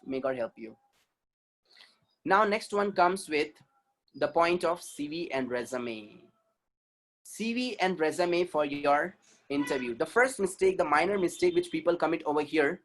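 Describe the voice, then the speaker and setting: This communication trainer, a man with an Indian accent, gives his webinar talk at a measured pace in an expressive, somewhat high voice. Emphatic and repetitive, he often turns to the audience with rhetorical questions.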